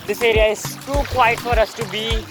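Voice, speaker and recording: Excitable young Indian man, high voice. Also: brisk, music in the background. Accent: Indian English. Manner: excitable, swears a lot, shouts at friend. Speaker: vlogger. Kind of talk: casual vlog commentary. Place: flooded streets outdoors, riding a bicycle.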